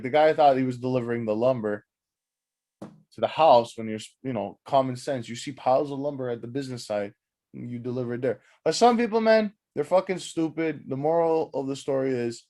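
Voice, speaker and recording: A young man rambling through a story on his podcast, swearing freely. He is animated and slips into acting out what people said along the way. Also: medium pitch. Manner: rambling, profane, animated, acts out quotes. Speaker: podcast host. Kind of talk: casual storytelling monologue.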